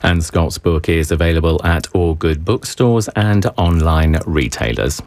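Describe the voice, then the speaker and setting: A male public radio host who interviews a guest and reads station announcements in a measured, polished way. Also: extremely low pitch, darkish tone, no echo. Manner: measured, polished broadcaster delivery. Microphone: studio microphone.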